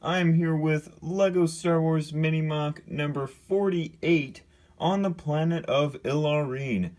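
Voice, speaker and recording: A man's voice: on the high side, slow pace, darkish tone. A young man casually showing off his LEGO build to his viewers, talking it through with fillers and self-corrections. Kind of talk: casual show-and-tell narration.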